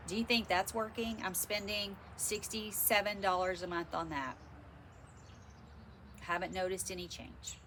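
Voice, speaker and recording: A woman's voice: lowish voice, a bit bright, slight background noise. A middle-aged woman with a stuffy, congested voice, chatting frankly and ramblingly to camera in a casual vlog. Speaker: vlogger.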